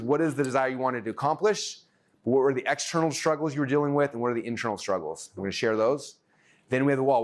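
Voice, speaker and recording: A man teaching a workshop in front of a live room, talking at a rapid clip. He is energetic and excitable and acts out his own thoughts as he explains, and his pitch sits in a middle range.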